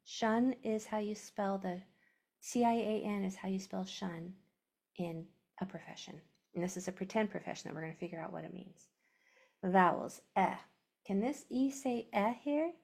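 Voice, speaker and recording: A woman's voice: medium pitch, moderate pace, creaky, a little mellow. A woman teaching a phonics lesson to a class, sounding out letters and syllables, often dropping to a whisper.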